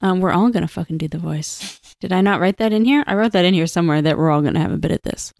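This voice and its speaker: A woman's voice: on the low side, fast, creaky, a little mellow, no room sound, clean studio sound. A woman hosting a casual book discussion, chattily summarizing chapters. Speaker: podcast host.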